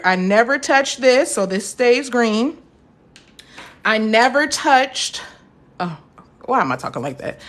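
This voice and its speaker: Chatty high-voiced woman teaching math. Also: a bit bright. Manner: chatty, encouraging, answers viewer comments. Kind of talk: live-streamed math lesson.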